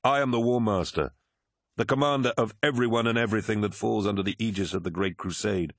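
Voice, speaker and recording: A man voicing a towering male warlord commander in an audiobook, speaking in a cold, measured, commanding way. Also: fairly low pitch, no echo, studio quality, pitched above the performer's own voice, lightly acted. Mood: stern rebuke. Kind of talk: audiobook character voice.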